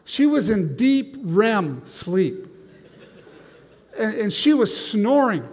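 Rich: A man with a fairly high voice preaches a sermon. He tells self-deprecating stories and often restarts his sentences. His voice carries a long reverb, as if he is speaking in a large church. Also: big pitch swings, slow pace, a little mellow, slightly rough.

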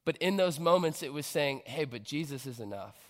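A man's voice: on the high side, expressive, brisk. A man preaching a sermon from a church stage, earnest and building to emphatic bursts. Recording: long hall reverb.

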